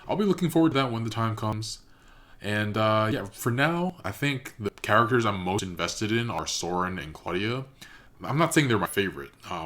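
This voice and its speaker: A man's voice: deep voice, fairly bright tone. A man hosting a reaction channel, chatting casually and thinking aloud with lots of fillers.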